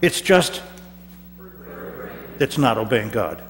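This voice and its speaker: A pastor preaches a first-person character sermon, chatting theatrically with the congregation and often stammering over his words. His mid-pitched voice carries a long church-hall reverb, with a faint hum underneath. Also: very animated, slow.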